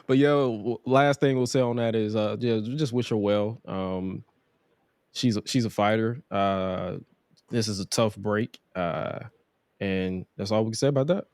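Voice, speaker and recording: A man's voice: fairly low pitch, a little slow, darkish tone, no room sound, studio quality. A man hosting a wrestling podcast, talking casually and laid-back with slang, laughing often. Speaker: podcast host.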